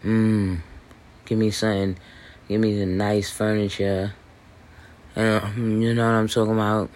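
A man's voice: fairly low pitch, flat delivery, a little slow, a little mellow. Rambling, boastful man with hiccups. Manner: loose, boastful, profane, many fillers and restarts. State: hiccuping, clearing throat. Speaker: podcast host. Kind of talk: rambling casual monologue. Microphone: voice message recording.

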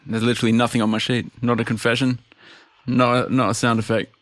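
A man's voice: medium pitch, flat delivery, fast talker, very noisy. Wry podcast co-host man. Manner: wry, self-mocking. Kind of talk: casual chat.

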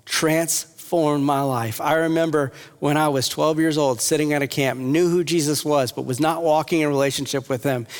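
A man preaching an earnest sermon as a pastor, rising at times to impassioned appeals. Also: on the high side. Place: church hall with audience. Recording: long hall reverb.

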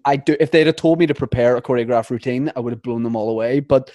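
Young Northern Irish actor, dry and close, self-mocking, laughs easily. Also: male voice, mid-range voice, fast talker, mellow, no room sound. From Northern Ireland. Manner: self-deprecating, laughs often. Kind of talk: casual chat.

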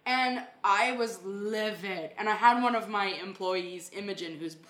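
A woman who runs a renovation company, telling a story in a casual chat with lively energy and plenty of swearing. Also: medium pitch, unhurried. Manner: animated, swears freely. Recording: echoey room.

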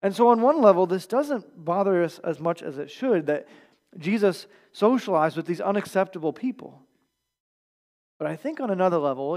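High-voiced male pastor preaching. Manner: conversational preaching, quiet at phrase ends. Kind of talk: sermon. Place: church.

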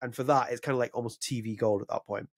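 A man's voice: mid-range voice, steady tone, fast, no echo, clean studio sound. A man co-hosting a podcast in casual chat, rambling and opinionated, with frequent restarts. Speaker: podcast co-host.

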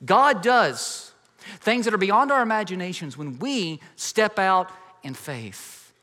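A man's voice: sits high, lively intonation, slow, sharp tone. A man in his thirties preaching a sermon with emphasis, acting out the voices in the stories he tells. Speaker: pastor. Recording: reverberant hall.

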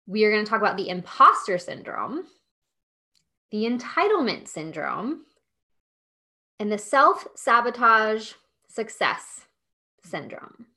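A woman's voice: medium pitch, sharp tone. A woman hosting a solo podcast, coaching business owners in a chatty, emphatic way with lots of "like" and "okay?".

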